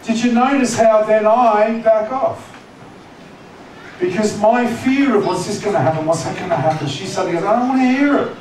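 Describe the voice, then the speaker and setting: A man preaching a sermon as pastor, conversational and teasing, often asking the congregation questions. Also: high-pitched. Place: church hall. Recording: echoey church hall, distant mic, noisy.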